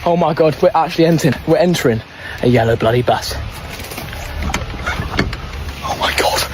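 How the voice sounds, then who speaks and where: A young man from England vlogging, rowdy and excitable, with mild swearing. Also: on the high side, quick pace. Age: young adult. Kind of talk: casual travel vlog. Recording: phone clip with clear background noise.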